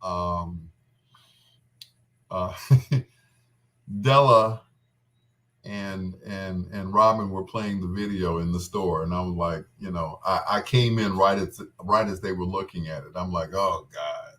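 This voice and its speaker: A man with a low, deep voice speaks slowly as he fondly recalls a day that moved him. His talk halts and restarts, trailing off into pauses. He is tender and close to tears. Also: a bit bright. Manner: tender and tearful. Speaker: friend recalling a wedding. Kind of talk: casual heartfelt reminiscing.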